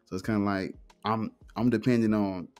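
Male guest, casual and animated, swears freely, pitch leaps on emphasis; faint music bed. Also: a little fast. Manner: animated, emphatic, swearing, frequent "you know what I'm saying". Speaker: guest, atheist streamer. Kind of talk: casual conversation.

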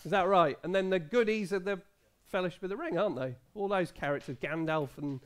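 A man's voice: high-pitched, brisk. A man in his thirties, a pastor leading a playful quiz with children in a church service. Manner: playful, quizzing the children, many restarts and laughs. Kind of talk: family service talk with children. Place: church hall.

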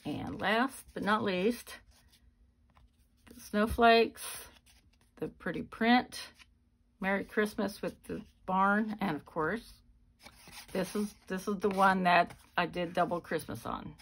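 A woman hosting a craft channel, giving a chatty, unhurried show-and-tell of her handmade cards. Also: medium pitch. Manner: chatty, unhurried walk-through. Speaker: card-making channel host.

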